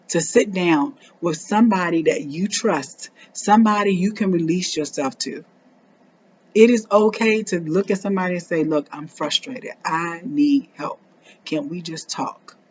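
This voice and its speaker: A woman's voice: fairly low pitch, slightly rough. Earnest mother in her forties, lo-fi. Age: 40s. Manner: earnest, repeats phrases for emphasis, speaks straight to other parents. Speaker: parenting vlogger. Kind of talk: heartfelt motivational talk to camera.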